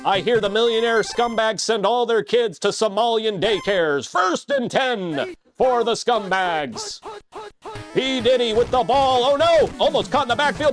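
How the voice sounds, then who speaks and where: A man doing excitable, comedic play-by-play commentary on a video game football match, with crude jokes and shouts on big plays. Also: very high voice, measured pace, soft background music.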